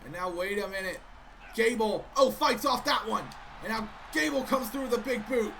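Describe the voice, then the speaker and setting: A man gives excitable play-by-play commentary on a wrestling video game, repeatedly breaking off with sudden interruptions. His voice sits high at normal speed, with slight background noise.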